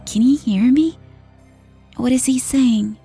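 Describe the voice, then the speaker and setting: A woman voicing a grieving grown daughter who pleads softly through tears with her dead father. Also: sits high, takes it slowly, vocal fry, husky, soft background music, pitched above the performer's own voice, full character voice. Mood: tearful. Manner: pleading, soft and tearful. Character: grieving grown daughter, tearful but gentle.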